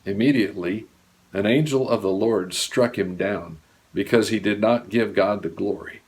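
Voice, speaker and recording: A male pastor preaching a sermon, earnestly, with wide swings from raised emphasis to hushed low lines. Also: normal speed. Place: church.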